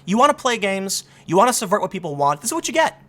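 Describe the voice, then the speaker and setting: Man, political commentary, sarcastic and animated, high bright voice. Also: fast. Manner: animated, sarcastic, rambling with restarts.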